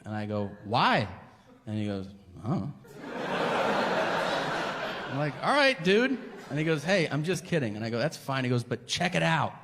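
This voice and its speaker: A man's voice: medium pitch, normal speed, long pauses, noisy background. A man doing stand-up, telling a story with profanity and acting out both sides of a conversation. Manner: animated, profane, acts out both sides of a dialogue. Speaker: stand-up comedian. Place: large venue with audience laughter. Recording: live hall recording with long reverb.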